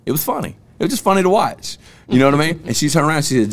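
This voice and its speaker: A young man with a gravelly edge to his voice spins stories on a casual podcast. His talk is loose and slangy and full of cussing. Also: on the high side, big pitch swings, racing. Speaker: podcast host.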